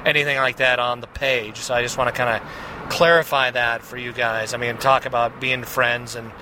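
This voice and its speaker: A man's voice: mid-range voice, flat delivery, moderate pace, background noise. A man hosting a podcast, talking in a casual confessional monologue, rambling with many restarts and "right?" tags. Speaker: podcast host.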